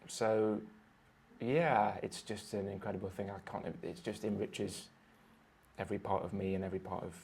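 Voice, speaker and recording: A man speaking as a guest musician on a podcast, thoughtful and measured in casual conversation. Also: fairly low pitch, fairly even intonation, creaky, darkish tone, slight background noise.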